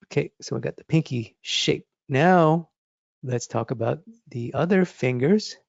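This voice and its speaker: A man teaching drawing, talking through his sketch step by step as he works, thinking aloud in a relaxed, encouraging way. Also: medium pitch, measured pace, creaky, husky, no room sound, lo-fi sound. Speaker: drawing instructor. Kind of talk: live drawing demonstration.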